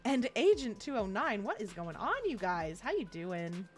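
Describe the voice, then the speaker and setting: A woman's voice: medium pitch, big pitch swings, normal speed, faint music behind. A woman from Atlanta with a Southern accent, chatting casually as a live-stream host, laughing often between phrases. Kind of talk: casual live-stream chat while gaming.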